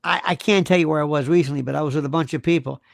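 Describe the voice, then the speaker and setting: A man's voice: fairly high pitch, fairly even intonation, racing, creaky, dry recording, clean studio sound. A man hosting a live-stream talk show, delivering an emphatic monologue full of repeated rhetorical questions. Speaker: host.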